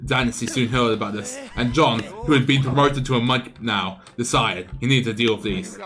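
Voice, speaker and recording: A man's voice: mid-range voice, moderate pace, over music. A man streaming live, narrating a game battle as an improvised, playful story with frequent restarts.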